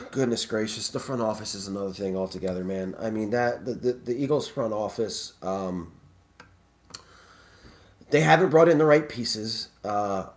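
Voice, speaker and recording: A man's voice: lowish voice, measured pace. A man hosting a live sports talk stream, rambling and stammering through restarts in casual chat. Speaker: live show host.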